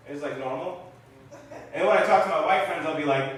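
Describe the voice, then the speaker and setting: A young man doing a stand-up set in a small comedy theater, animated and loud when he acts out lines to the crowd. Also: on the high side, fast, heavy reverb, far from the mic, low-quality recording.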